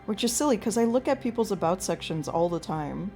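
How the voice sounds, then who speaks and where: A woman's voice: mid-range voice, lively intonation, a little fast, a little mellow, faint music behind. A woman hosting a live painting stream, chatting casually and a little whiny, answering her viewers' comments in a rambling, self-deprecating way. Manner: slightly whiny, pleading tone. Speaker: livestream host painting with watercolors.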